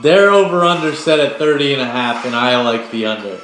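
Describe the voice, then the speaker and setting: A man's voice: medium pitch, expressive, fairly quick, roomy sound, over music, low-quality recording. A man co-hosting a sports podcast, blunt and opinionated in casual chat. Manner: blunt, opinionated, runs the segment. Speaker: podcast co-host.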